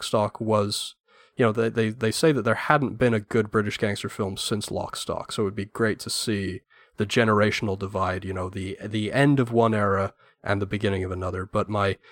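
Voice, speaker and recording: A man with a lowish voice guests on a film podcast, recorded in studio quality with no room sound. In this casual chat he's talkative and enthusiastic, offering strong opinions at length.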